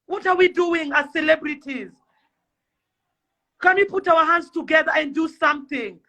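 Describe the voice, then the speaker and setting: A woman's voice: high voice, moderate pace, sharp tone. A young Kenyan woman delivering an impassioned rant to camera, pleading and fiery, firing off rhetorical questions. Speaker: celebrity influencer.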